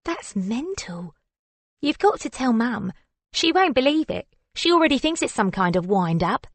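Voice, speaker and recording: A woman's voice: a little high, very animated, normal speed, no echo, voice pushed up. A woman voicing a blunt, teasing young sister in an audiobook, with a slangy, casual way of talking. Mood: incredulous. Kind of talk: audiobook character voice.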